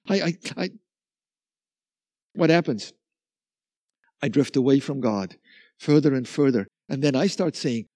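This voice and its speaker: Animated male preacher, high and mellow. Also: measured pace, dry recording. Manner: animated, acts out little dialogues, repeats himself. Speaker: pastor. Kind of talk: sermon.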